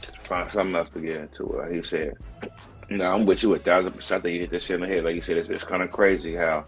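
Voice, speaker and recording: A man's voice: low-pitched, steady tone, quick pace, soft background music. A man co-hosting a casual podcast chat, tipsy and hiccuping, talking in a loose, rambling way. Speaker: podcast co-host.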